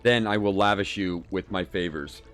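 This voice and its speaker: A man's voice: low-pitched, moderate pace, a bit bright, soft background music. A man reading the lines of a vain, whiny female demon queen made of filth, in a petulant way. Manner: petulant, reading game dialogue aloud.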